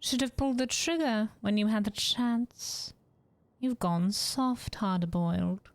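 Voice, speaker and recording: A woman voicing a menacing male gangster who taunts with a drawn-out, sneering delivery. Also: mid-range voice, no room sound. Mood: taunting. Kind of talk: voicing game dialogue on a stream.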